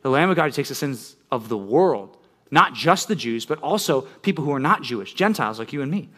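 A man's voice: mid-range voice, animated, fairly quick, fairly bright tone. A middle-aged pastor, a man, explaining scripture in a sermon, conversational and explanatory, often checking in with listeners.

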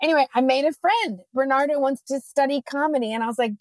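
A woman co-hosting a podcast, chatting casually and telling a lively story, acting out her own quotes. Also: high-pitched, quick pace, hardly any pauses, no echo. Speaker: podcast co-host.

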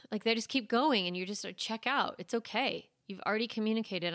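A woman's voice: medium pitch, a little fast, few pauses, fairly bright tone, no room sound, clean studio sound. A woman hosting a parenting podcast, giving reassuring advice in a chatty, casual way. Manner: chatty, reassuring, lots of "like" and "you know". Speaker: parenting coach and podcast host.

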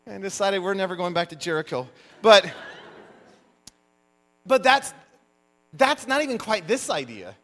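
A man preaching a sermon, telling stories with animated emphasis as the pastor. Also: high-pitched, unhurried, pauses often. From United States. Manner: animated storyteller, lively emphasis.

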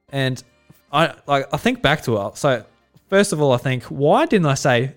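A man's voice: mid-range voice, animated, fairly quick, soft background music. A young man from South Australia, hosting a casual podcast and telling stories in a rambling way, with many restarts. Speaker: podcast host.

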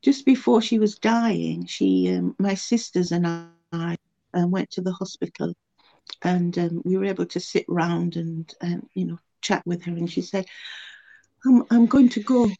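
Older woman, interview guest, earnest testimony; mellow tone, slightly muffled recording. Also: lowish voice, fairly even intonation, a little slow, creaky. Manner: earnest, emotional storytelling with many restarts. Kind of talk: personal faith testimony.

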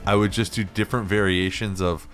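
A man's voice: fairly low pitch, steady tone, a little fast, a bit bright, faint music behind. A man co-hosting a podcast, telling a story in a rambling way, laughing often and swearing freely. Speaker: podcast co-host. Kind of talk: casual chat.

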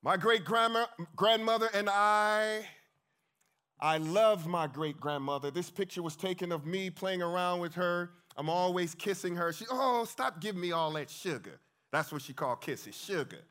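A man preaching a lively sermon, emphatic and calling out to his congregation. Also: high-pitched, moderate pace, clean tone. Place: church hall with congregation.

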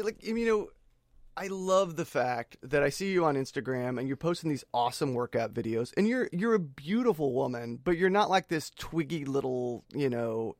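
A man's voice: mid-range voice, no room sound, clean studio sound. A man hosting a podcast, chatting casually with profane, teasing banter. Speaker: podcast host.

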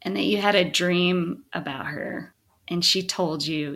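A woman interviewer asking thoughtful, reflective questions in a relaxed conversation. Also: on the low side, moderate pace.

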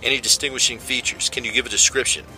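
A man voicing a brisk female agent asking questions over the radio. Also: mid-range voice, steady tone, bright, forceful tone, soft background music, pitched above the performer's own voice, poor audio. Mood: urgent.

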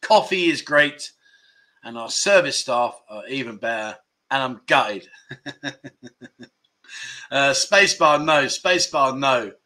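A man's voice: mid-range voice, pushed and bright. A man hosting a casual livestream, chatting and joking as he reads out viewer comments, often laughing at his own jokes. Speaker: livestream host.

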